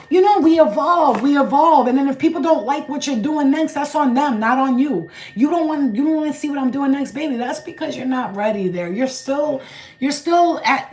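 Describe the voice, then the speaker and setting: A woman with a New York accent, a spiritual channeler giving a blunt, profane, animated vlog message. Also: fairly high pitch, reverberant, slight background noise, poor audio.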